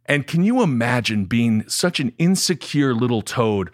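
A man's voice: mid-range voice, very animated, normal speed, no room sound, clean studio sound. Sarcastic ranting male podcast host. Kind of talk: casual political commentary.

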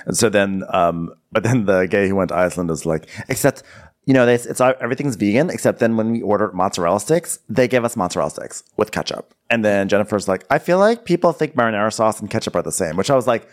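A man's voice: lowish voice, quick pace. A man co-hosting a podcast, chatting casually and doing campy voices when he quotes people. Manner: animated, puts on campy voices when quoting. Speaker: podcast co-host. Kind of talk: casual recap chat.

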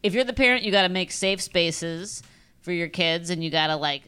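A woman's voice: fairly low pitch, moderate pace, pushed and bright, clear, resonant tone. A mother co-hosting a podcast, blunt and teasing in casual chat.

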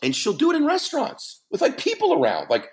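Animated storytelling man, lively pitch. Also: fairly quick. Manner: lively, emphatic, joking. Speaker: podcast guest.

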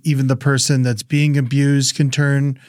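A man's voice: medium pitch, level tone, normal speed, a little mellow, dry recording. A man co-hosting a casual podcast, laid-back with dry, wry asides.

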